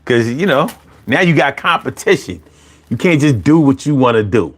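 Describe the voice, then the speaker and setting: A man hosting a casual live chat, animated and profane, laughing often as he talks. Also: mid-range voice, normal speed. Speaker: livestream host reading chat.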